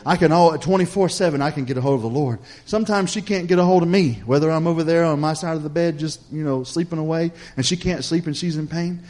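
Male pastor, slightly high voice, emphatic call-and-response sermon delivery. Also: fast talker, few pauses. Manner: preacherly, repetitive cadence with call-and-response "Amen?"; swings from loud emphatic lines to soft hushed ones.

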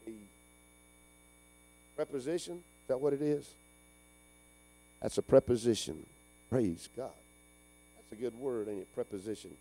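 A middle-aged man preaching a folksy call-and-response sermon, swinging between loud urging and hushed asides. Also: medium pitch. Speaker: pastor.

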